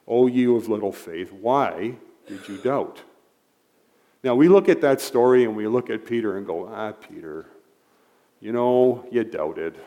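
A man's voice: fairly low pitch, dark tone. A man preaching a sermon in a conversational way, retelling Bible stories with frequent asides to the listeners. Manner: conversational, frequent "right?" and "you know" asides.

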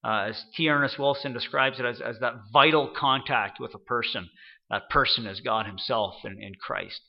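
A man giving an unscripted sermon, halting often and repeating words as he goes. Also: medium pitch, creaky, dull audio. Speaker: preacher.

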